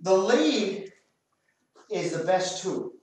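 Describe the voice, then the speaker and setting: High-voiced Australian man, echoey and distant. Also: expressive, very slow, a little mellow. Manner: instructive, gives firm short commands to dogs. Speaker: dog trainer. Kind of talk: hands-on training demonstration. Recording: very echoey, far from the mic.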